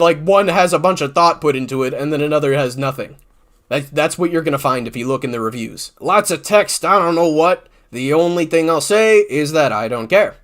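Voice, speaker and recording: Exasperated sarcastic man ranting. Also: fairly high pitch. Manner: exasperated, sarcastic, swears often, many restarts. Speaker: YouTuber. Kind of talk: ranting commentary on comments.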